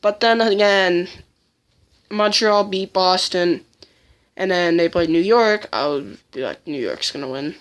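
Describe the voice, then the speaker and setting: A woman's voice: mid-range voice, slow, smooth. Blunt opinionated woman ranking goals. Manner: blunt, opinionated, frequent restarts. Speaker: hockey fan vlogger. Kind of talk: casual countdown commentary.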